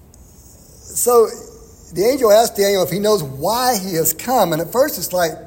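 A man's voice: high voice, lively intonation, measured pace, a little mellow, slightly rough, long reverb tail. A man preaching an expository sermon in a conversational way, chuckling now and then. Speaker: pastor.

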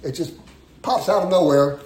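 A man with a slightly high voice teaches a sermon in an echoey hall. He talks in a conversational way, often repeating his words, and leans hard into the phrases he wants to stress. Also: normal speed, darkish tone. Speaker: preacher. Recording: roomy echo.

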